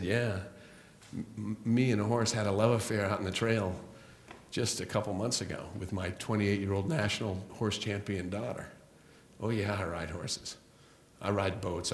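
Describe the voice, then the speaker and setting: A middle-aged man giving an inspirational spiritual talk as guest speaker in a church hall, telling stories with slow, emphatic rises and drops. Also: mid-range voice. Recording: roomy hall echo.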